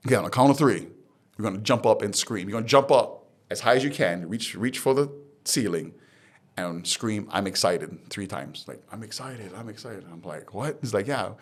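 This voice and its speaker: A man from Hawaii, a podcast guest, telling his life story candidly and acting out the dialogue he quotes. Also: lowish voice. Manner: animated retelling, acts out quoted dialogue.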